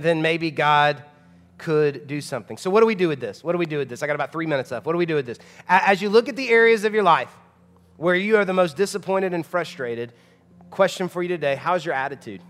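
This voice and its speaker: Pastor, 30s, high voice, conversational emphatic preaching, church reverb. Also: male voice, fairly bright tone. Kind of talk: sermon. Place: church sanctuary. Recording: long hall reverb of a church.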